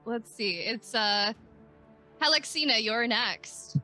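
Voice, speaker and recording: A woman's voice: a little high, takes it slowly, sharp tone, faint music behind. A woman running a tabletop game as game master, hesitant with lots of fillers. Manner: hesitant, many fillers, giggly.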